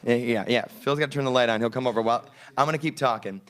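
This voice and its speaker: A man's voice: mid-range voice, fast talker, fairly bright tone. A young man co-hosting a podcast, telling rambling stories in a casual, laid-back way with crude jokes, in a studio. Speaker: podcast co-host. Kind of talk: casual chat.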